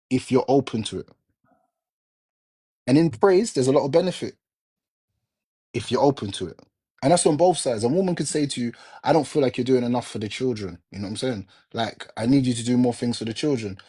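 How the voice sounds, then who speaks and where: Husky Jamaican man lecturing. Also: medium pitch, a little fast, pauses often, warm tone. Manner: emphatic, repetitive, lecturing. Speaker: live stream host. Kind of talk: casual chat.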